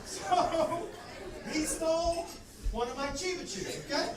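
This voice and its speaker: A middle-aged man doing a stand-up comedy set, telling stories loudly and punchily with plenty of swearing. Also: extremely high pitch, takes it slowly, distant mic, a crowd in the background. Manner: loud punchy storytelling with profanity. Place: comedy club stage. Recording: echoey stage recording with audience. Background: laughing audience.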